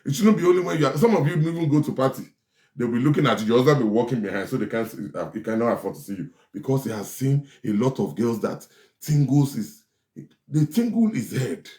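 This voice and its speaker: A man's voice: mid-range voice, animated, fast, a little mellow. Man, preachy advice host, repeats for emphasis, roomy echo. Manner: emphatic, repeats lines for stress. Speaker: host giving relationship advice. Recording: echoey room.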